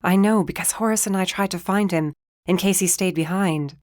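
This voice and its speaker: A woman's voice: on the low side, normal speed, darkish tone, no room sound, studio quality, natural voice. A woman doing a shaken young mage pleading in whispers. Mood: anxious. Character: frightened, guilt-ridden young woman mage.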